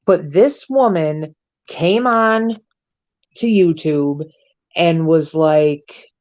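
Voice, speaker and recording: Woman co-host, casual podcast chat, low voice, unhurried delivery, blunt and profane, dull lo-fi sound. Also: a little mellow. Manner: blunt, swears freely, gossipy.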